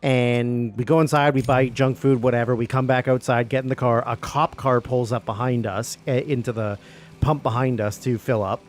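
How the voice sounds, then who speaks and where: A man tells a rambling story in a casual, conversational way, leaning on fillers like "like" and "you know." Faint music plays softly behind him. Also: medium pitch, fairly even intonation, moderate pace. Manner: rambling anecdote with many fillers and acted quotes. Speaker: guest.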